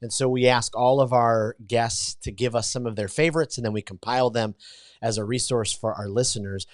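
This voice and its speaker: A podcast host on a video call, gushing with praise and then asking long, rambling questions. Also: male voice, mid-range voice, steady tone, fairly quick, no room sound, clean studio sound. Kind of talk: casual interview.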